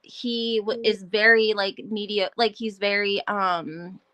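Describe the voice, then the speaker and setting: A woman's voice: medium pitch, fairly even intonation, slow, sharp tone. A woman hosting a casual podcast chat, an encouraging listener who turns hesitant when she explains. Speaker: podcast host.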